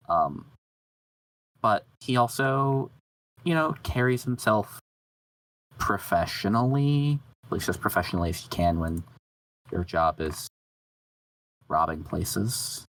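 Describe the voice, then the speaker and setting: A man plays a tabletop role-playing game in a very deep voice. He talks slowly and rambles, with lots of fillers and casual swearing. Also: fairly bright tone, rough recording. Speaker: player.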